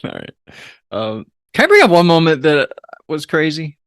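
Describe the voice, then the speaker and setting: A man in relaxed conversation on a film podcast, retelling movie scenes with an easy laugh. His pitch moves about freely, and the recording is dry and close to the mic. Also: normal speed, no room sound. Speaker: podcast co-host. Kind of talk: casual film review chat.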